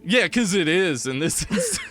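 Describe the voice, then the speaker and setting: Male podcast co-host, playful riffer, higher voice with a lot of swing. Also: huge pitch swings, a bit bright. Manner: jokey, riffs on absurd bits, quick to laugh. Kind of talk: casual joking podcast banter.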